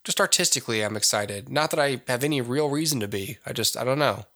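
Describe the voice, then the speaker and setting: A man co-hosting a casual podcast with a bright, forward tone. He talks in a loose, rambling way, full of fillers and restarts, at a medium pitch. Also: fast. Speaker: podcast co-host. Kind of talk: casual chat.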